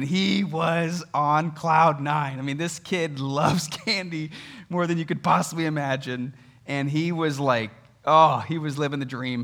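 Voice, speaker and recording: A man in his thirties, a pastor giving a sermon in an animated, conversational way, telling stories with humor. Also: fairly high pitch.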